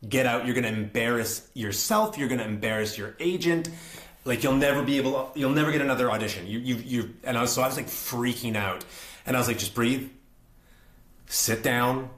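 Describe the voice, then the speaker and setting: A man's voice: medium pitch, a little fast. Young guy telling a funny story, acts out voices, laughs a lot, roomy echo. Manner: animated, acts out quotes, laughs often. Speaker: actor and guest. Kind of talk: storytelling in an interview.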